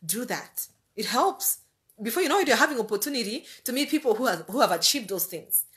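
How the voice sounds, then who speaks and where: A woman's voice: fairly high pitch, very animated, a little fast, fairly bright tone. Earnest woman giving a faith-based pep talk. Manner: earnest, conversational, repeats phrases for emphasis. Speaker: life-planning speaker.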